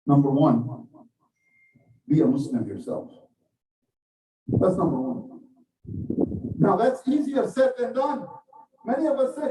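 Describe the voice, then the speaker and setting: A man with a fairly high, mellow voice delivers a sermon, telling a tale slowly and earnestly before urging his listeners on. He sounds set back from the microphone. His words ring out through an echoey hall. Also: very animated, distant mic. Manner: measured storytelling, earnest and exhorting. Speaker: preacher giving the Friday sermon.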